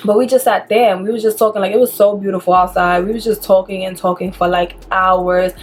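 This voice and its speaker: Young woman, chatty and animated storyteller, casual vlog delivery. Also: medium pitch, brisk. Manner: animated, chatty, filler-heavy with lots of "like". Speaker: vlogger telling a personal story.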